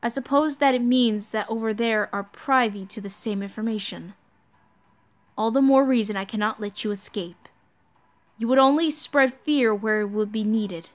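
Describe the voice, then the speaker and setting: A woman's voice: on the high side, moderate pace, pitched below the performer's own voice, natural voice. A woman voicing a stern, cold male knight in a grave, formal manner while reading a game story aloud.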